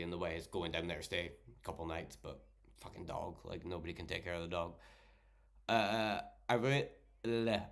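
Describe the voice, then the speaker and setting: Young Scottish guy, tipsy livestreamer, lowish voice, rambling and sweary. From Scotland. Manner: rambling, heavy swearing, joking. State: intoxicated and tired. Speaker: livestreamer reading chat. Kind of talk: casual livestream chat.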